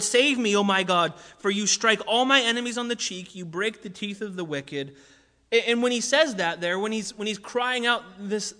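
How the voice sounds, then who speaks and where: A man with a high, bright voice preaching a sermon. He talks in a relaxed, conversational way, repeating short phrases for emphasis. His voice rings out in a long hall reverb. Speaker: pastor.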